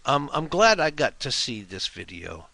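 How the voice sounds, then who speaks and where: A man rants to his webcam at home in a slow, gravelly, forceful voice. His pitch swings widely as he fires off scornful rhetorical questions. The sound is dry and close. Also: sing-song, no echo. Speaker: video blogger. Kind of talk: ranting monologue to camera. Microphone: webcam mic.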